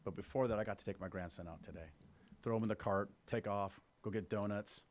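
A fairly low-pitched man in his fifties speaks to a room of listeners at a recovery meeting. He tells his own story candidly and conversationally, often tossing in a "right?" to keep the audience with him. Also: a little fast, darkish tone. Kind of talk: personal recovery testimony to a group.

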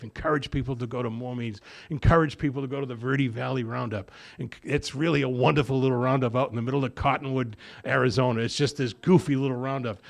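A man speaking at a recovery meeting, telling his story in a rambling, animated way with many repeated restarts. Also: medium pitch, vocal fry.

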